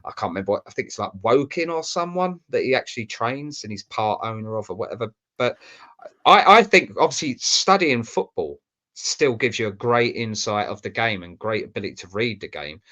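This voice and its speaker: A man's voice: mid-range voice, animated, brisk, bright, forceful tone. A man co-hosting a casual football podcast, rambling and searching aloud for the right word. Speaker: podcast co-host. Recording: slightly dull lo-fi audio.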